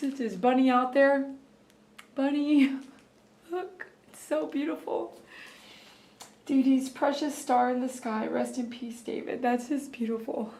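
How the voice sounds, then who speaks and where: A woman's voice: sits high, steady tone, slow, long pauses, darkish tone, echoey room. A woman hosting a live stream, opening gifts in an emotional, tearful way and laughing often. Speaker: host of a pet grooming channel.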